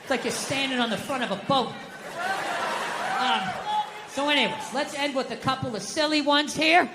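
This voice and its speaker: A middle-aged man doing a stand-up comedy set, animated and swearing as he rants. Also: very high voice, moderate pace, in a large hall, a loud crowd, very noisy.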